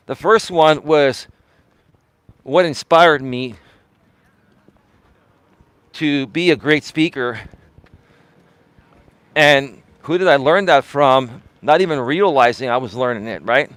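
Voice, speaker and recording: A middle-aged man, a life coach hosting a live stream, talking with heavy emphasis and swinging between highs and lows. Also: slow, long pauses, fairly bright tone, clean tone, no room sound.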